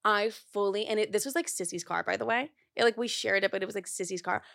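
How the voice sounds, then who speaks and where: A young woman hosts a podcast and talks into her microphone. Her voice sits at an average pitch. She tells stories in a loose, rambling, animated way and swears freely. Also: fast, gravelly. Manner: rambling, profane, animated storytelling. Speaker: podcast host. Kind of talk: casual chat.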